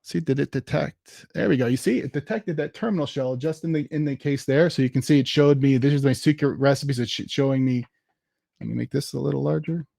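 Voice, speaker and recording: Male tech presenter, gravelly voice, dry close sound, casual and thinking aloud through a live demo. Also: medium pitch, fairly quick, warm tone, no room sound. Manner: casual, thinks aloud while typing commands. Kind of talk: live software demo walkthrough.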